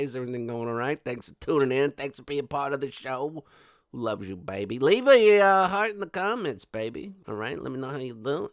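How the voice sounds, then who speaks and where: A man hosting a gossip commentary vlog in a brash, profane way, breaking into sudden loud outbursts and chatting directly to his viewers. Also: fairly high pitch, no echo. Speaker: channel host.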